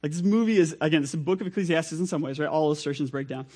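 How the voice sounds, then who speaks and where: Energetic young man preaching casually. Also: on the high side, very fast, breathy edge. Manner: conversational and energetic, with asides. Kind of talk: sermon.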